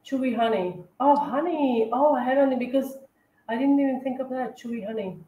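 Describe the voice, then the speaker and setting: A woman's voice: sits high, moderate pace, narrow, tinny audio. A woman hosting a decorating livestream, chatting casually with many fillers and self-corrections. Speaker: cookie decorating livestream host. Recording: echoey room.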